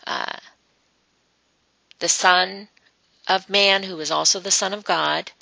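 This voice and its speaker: A woman's voice: fairly low pitch, steady tone, slow, creaky, bright, forceful tone, no echo, low-quality recording. A woman presenting an online webinar, teaching in a loose, rambling way with many ums and uhs. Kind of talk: informal teaching talk to an online group.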